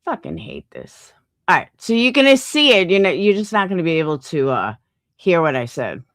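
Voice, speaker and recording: A woman's voice: on the low side, sing-song, normal speed, dry recording, clean studio sound. A middle-aged woman hosting a livestream, telling a story in casual chat and swearing a lot. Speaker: livestream host.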